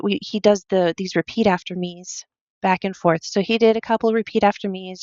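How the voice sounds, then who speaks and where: A woman guest telling a personal story in a casual, animated way, acting out what others said and filling her sentences with fillers. Her voice sits in a middle range, and the recording is dry and slightly dull. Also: medium pitch, no room sound.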